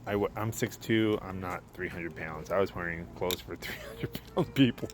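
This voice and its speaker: Deep-voiced man telling a rambling story. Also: moderate pace, background noise. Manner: rambling, self-correcting, casually profane. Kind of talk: casual storytelling. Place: outdoors at a backyard barbecue.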